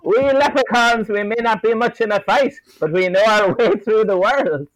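A man's voice: high-pitched, moderate pace, dry recording, voice pushed up, lightly acted, low-quality recording. A man voicing a spirited male leprechaun with a folksy, hearty delivery. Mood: earnest.

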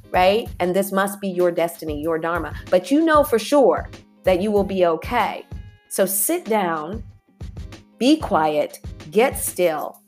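A woman hosting a motivational podcast, talking in an encouraging, repetitive way and often saying "y'all". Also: mid-range voice. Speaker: podcast host.

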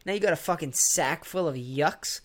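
A man's voice: on the high side, normal speed, a bit bright. A man in his late twenties, a podcast host, joking crudely in casual chat with acted-out quotes. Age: late 20s.

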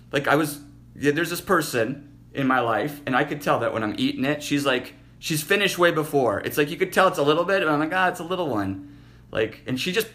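A man's voice: fairly high pitch, bright, forceful tone. Crude, blunt podcast host, a man. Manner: crude and blunt, rambling, swears freely. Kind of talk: casual chat.

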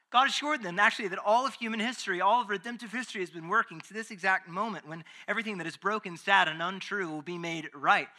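Bright, emphatic male preacher. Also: sits high. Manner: emphatic, swings from hushed to loud. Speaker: pastor. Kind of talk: sermon.

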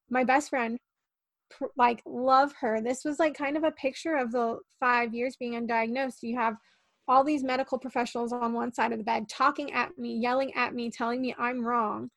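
A woman's voice: a little high, gravelly, dry recording. A young woman, a podcast guest, tells her story in a casual, earnest way, full of likes and ums.

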